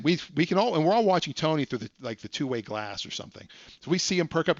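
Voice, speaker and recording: On the high side and sing-song, this man's voice moves at a quick pace as he streams from his home computer. He tells a chatty, self-deprecating story with joking asides, and the recording is muffled but free of echo.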